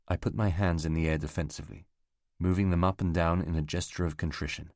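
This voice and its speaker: A man narrating a novel as an audiobook reader, in a measured, even delivery. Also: deep voice, no room sound, studio quality. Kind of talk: scripted narration.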